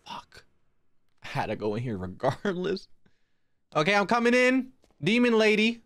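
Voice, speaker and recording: A man's voice: high-pitched, huge pitch swings, normal speed, fairly bright tone. A young man streaming a horror game, jumpy and swearing a lot as he talks to his chat and to himself. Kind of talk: live horror gameplay commentary.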